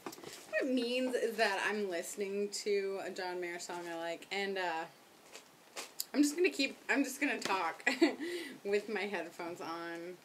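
A young woman chatting casually to her camera at home, rambling and self-mocking, talking loudly with headphones on. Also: mid-range voice, animated, unhurried, background noise. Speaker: vlogger. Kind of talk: casual chat. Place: home, indoors.

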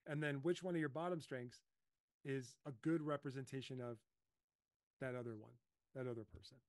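A middle-aged man hosting a casual coaching talk, telling lively stories and acting out his own panicked voice. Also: mid-range voice, normal speed, no room sound. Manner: animated storyteller, acts out his own panicked voice. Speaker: host.

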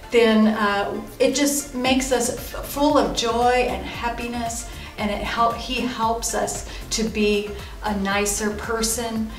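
A middle-aged woman teaching a children's church lesson, gentle and sing-song, with bursts of excitement. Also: mid-range voice, distant mic. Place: church room. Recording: echoey room, voice from off-mic, soft music behind.

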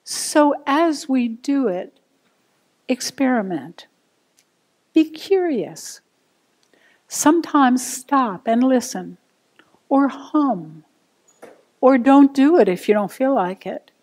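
A woman meditation teacher, giving a gentle, unhurried dharma talk to a group. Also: high voice, expressive.

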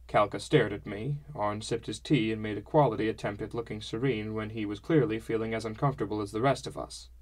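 A man narrating a fantasy audiobook in the first person, in a measured storytelling manner. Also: lowish voice, a little mellow.

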